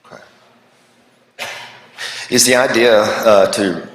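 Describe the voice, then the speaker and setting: A slightly low-voiced man puts polite, halting questions to a colleague, still out of breath. The room is echoey, with a long reverb. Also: fairly even intonation, a bit bright. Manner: hesitant, polite. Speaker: senator asking a question. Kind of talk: floor questioning. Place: legislative chamber.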